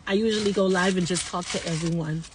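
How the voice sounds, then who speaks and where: A woman's voice: on the low side, steady tone, fast, background noise. An older woman hosting a casual live stream from a parked car on her phone, cheerfully greeting viewers in several languages. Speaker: social media live host.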